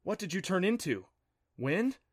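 A man voicing an eager, adventurous young boy in a storybook reading, excitable and a bit boastful. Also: high-pitched, unhurried, voice pushed up, full character voice. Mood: admiring.

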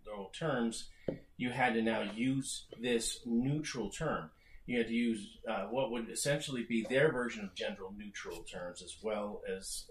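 A man's voice: mid-range voice, slight background noise. A middle-aged man co-hosting a podcast, explaining at length and often restarting his phrases. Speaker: podcast co-host. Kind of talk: casual discussion. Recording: roomy echo.

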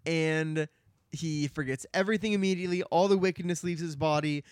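Chatty, slightly high-voiced man. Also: brisk, clear, resonant tone, no room sound, studio quality. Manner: relaxed, chatty, laughs along. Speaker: podcast co-host. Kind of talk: casual book recap chat.

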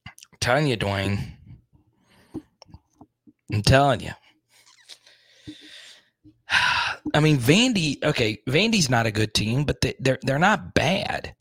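A man's voice: mid-range voice, big pitch swings, takes it slowly, pauses often, a bit bright, no echo. Dry-voiced man rambling about sports bets. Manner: rambling, frustrated, thinks aloud. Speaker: sports show host. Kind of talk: casual sports betting talk.

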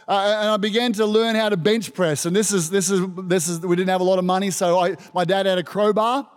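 A man preaching a sermon as pastor, animated and emphatic, calling out to his congregation. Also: high voice, smooth. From Australia. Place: church service. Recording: long reverb of a church hall.

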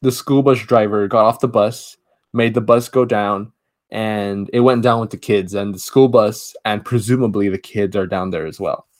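A man's voice: on the low side, fairly even intonation, moderate pace, a little mellow. A man co-hosting a podcast, casually retelling a horror film's plot with many restarts and asides. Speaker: podcast co-host. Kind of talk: casual movie review chat.

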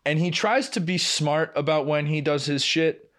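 A young podcast co-host whose voice sits on the high side talks at a moderate pace, casually telling a long work story. He's profane and animated, acting out both sides of the quoted exchanges.

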